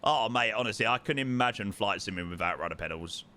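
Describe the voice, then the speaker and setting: A man's voice: fairly low pitch, expressive, fast, pushed and bright. A young man chatting casually to his live-stream chat while flying a simulator, repeating words for emphasis. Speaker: livestreamer.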